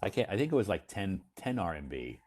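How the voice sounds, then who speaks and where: An American man, an English teacher hosting a live stream, chatting casually in a slow, deliberate way with frequent "uh"s. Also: sits low, big pitch swings, darkish tone. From United States.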